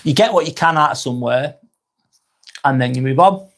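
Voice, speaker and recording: In a laid-back live vlog, a man with a Lancashire accent talks to his viewers and replies to their comments, cursing openly and often beginning sentences again. His medium-pitched voice is fairly bright and moves fairly quickly.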